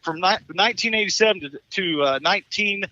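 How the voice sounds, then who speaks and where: High-voiced profane man, animated storytelling. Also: brisk, highs cut off. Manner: profane, animated, stumbling restarts, laughs at his own story. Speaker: caller telling his divorce story. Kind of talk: casual storytelling on a live talk show.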